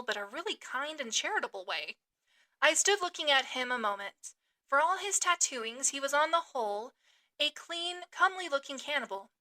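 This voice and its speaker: A woman podcast host reading a classic novel aloud with expressive, dramatic delivery. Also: sits high.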